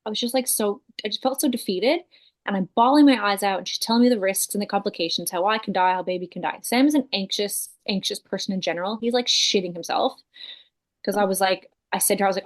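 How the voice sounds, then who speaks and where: A woman in her thirties, a podcast guest, telling a personal story in a casual, animated way, full of fillers and the odd swear word. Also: mid-range voice, fast. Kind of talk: casual chat.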